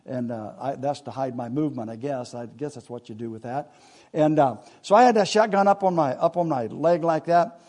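A man's voice: medium pitch, fairly quick, a little mellow. A man, telling a rambling hunting story in a casual, folksy way with laughs along the way.

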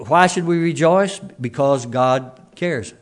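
A man's voice: fairly high pitch, slow pace. Folksy male preacher, easygoing sermon. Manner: folksy, conversational preaching with restarts and soft asides.

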